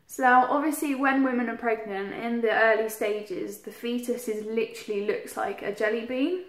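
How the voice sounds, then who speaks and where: A young woman with a fairly high voice rambles through a story to camera, giggling and filling gaps with ums and likes. Her voice bounces around a roomy, echoey space. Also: measured pace. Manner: chatty, giggly, rambling with many fillers. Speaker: vlogger. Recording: roomy echo.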